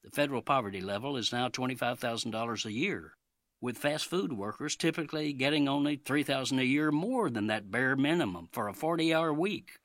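A man's voice: mid-range voice, expressive, brisk, fairly bright tone, no echo, studio quality. Folksy sarcastic male radio commentator.

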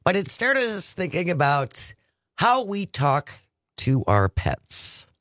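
A man's voice: a little high, huge pitch swings, takes it slowly, a bit bright, no echo, studio quality. A man hosting a radio talk show, upbeat and coaxing listeners to call in. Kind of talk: casual radio chat. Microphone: studio microphone.

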